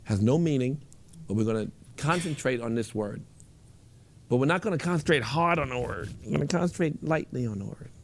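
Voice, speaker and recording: A man guiding a group through a meditation, speaking in a relaxed, instructive way and repeating his phrases. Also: mid-range voice, fairly quick, a little hiss or hum. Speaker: meditation teacher. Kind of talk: guided meditation with a live group.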